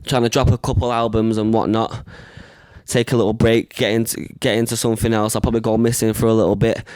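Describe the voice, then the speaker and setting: A man's voice: fairly low pitch, flat delivery, fast, a little mellow, clear, resonant tone, no room sound, studio quality. A man in his early twenties with a Manchester accent, a rapper talking as a guest in a casual interview, laid-back and rambling, full of slang and fillers. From Manchester, England. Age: 20s.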